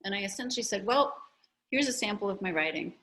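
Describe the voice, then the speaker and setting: A woman's voice: medium pitch, lively intonation, rapid-fire, a bit bright, poor audio. A woman author chatting about her memoir in a video-call interview, telling stories animatedly with lots of restarts and asides.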